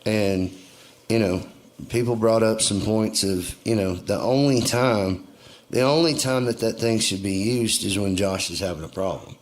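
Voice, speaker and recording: Relaxed man from Texas, fairly low. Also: unhurried. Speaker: guest, country singer. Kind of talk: casual chat.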